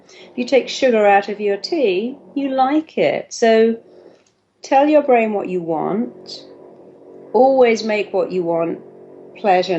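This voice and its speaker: A woman's voice: medium pitch, dull audio, a little hiss or hum. A woman therapist giving a motivational talk, acting out the voices of the people she quotes. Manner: lively, acts out quoted voices.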